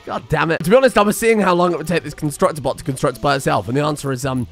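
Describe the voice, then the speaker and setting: A young man giving excitable, sarcastic let's-play commentary and laughing often. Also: on the high side, very fast, creaky, faint music behind. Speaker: gaming channel host.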